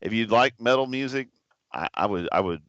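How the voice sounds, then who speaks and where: A man co-hosting a podcast in a relaxed, hesitant manner with many fillers. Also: medium pitch, fairly quick, no room sound, lo-fi sound. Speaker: podcast co-host. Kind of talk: casual podcast chat.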